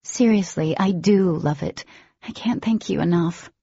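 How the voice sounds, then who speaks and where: A woman voicing an excitable, gushing teenage girl heroine in an audiobook, with a lifted, excited delivery. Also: lowish voice, unhurried, vocal fry, slightly rough, no room sound, dull audio, full character voice.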